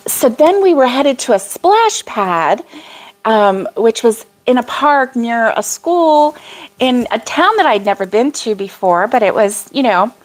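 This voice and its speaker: An older woman hosts a casual crochet livestream, her voice sitting a little high. She talks slowly and loosely, wandering through stories with laughs and filler. She breaks off now and then to answer viewers by name. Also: expressive. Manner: rambling, laughs often, reads viewer comments aloud. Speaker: crochet vlog host.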